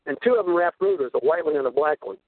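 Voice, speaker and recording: An older man hosts a conspiracy talk radio show, rambling through long stories and acting out the voices of the people in quotes. His fairly high voice is animated and fast. There's no room sound, though the audio has a tinny phone-line radio quality.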